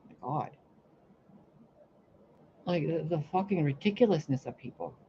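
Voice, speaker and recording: Speaking at a measured pace in a low register, this spiritual reader and healer goes on a profane, blunt rant during her own live stream. The recording is muffled with a little hiss or hum. She's animated, voicing other people's lines as she rants casually.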